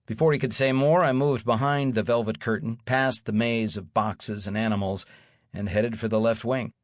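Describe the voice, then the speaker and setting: A man narrates an audiobook in the first person with a wry, dry storytelling manner. His voice sits at a middle pitch in a close, dry studio sound. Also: steady tone, normal speed, dry recording.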